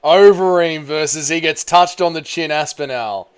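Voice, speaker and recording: A man hosting a live stream, bantering with his chat and calling out vote counts in an excitable, teasing way. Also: a little high, normal speed, clear, resonant tone.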